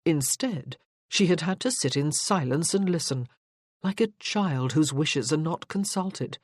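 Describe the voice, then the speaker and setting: Measured audiobook narrator, dry sound. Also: medium pitch, dry recording. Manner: even, measured reading. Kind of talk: audiobook narration of a period romance.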